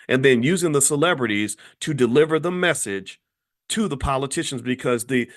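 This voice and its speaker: A man hosting an impassioned opinion commentary, swinging from low muttering to high outbursts. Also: fairly bright tone. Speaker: host.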